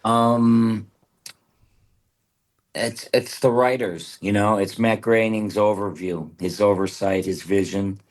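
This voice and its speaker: A man's voice: lowish voice, fairly even intonation, slow. A man in his seventies, a voice actor, telling candid, rambling stories as a guest in a casual interview. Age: 70s.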